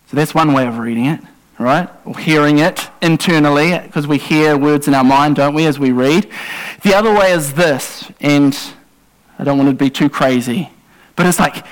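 A man's voice: fairly high pitch, moderate pace, rough recording. A man preaching a sermon in a church, earnest and urgent, at times acting out a pleading parent.

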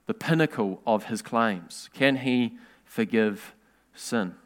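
A man preaching a sermon in an earnest, measured way, asking rhetorical questions. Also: mid-range voice, fairly bright tone, smooth.

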